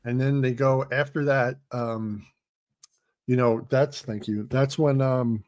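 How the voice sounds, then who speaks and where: A man's voice: mid-range voice, steady tone, slow, a little mellow, dry recording. Man retelling a movie, dry close sound. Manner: retells film scenes with quoted lines, many fillers. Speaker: podcast host. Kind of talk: casual movie podcast chat.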